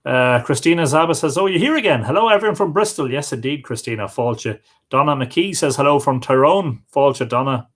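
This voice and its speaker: Man greeting livestream viewers. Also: medium pitch. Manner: friendly, greets viewers by name. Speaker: livestream host. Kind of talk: casual chat reading out viewer comments.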